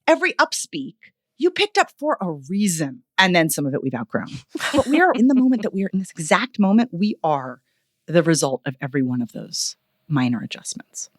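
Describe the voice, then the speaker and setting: Casting: expressive woman vocal coach, lowish voice that swoops freely, dry close sound. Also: fairly quick, dry recording. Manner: expressive, animated, playful ironic asides. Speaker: vocal coach and author, guest. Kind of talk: podcast interview.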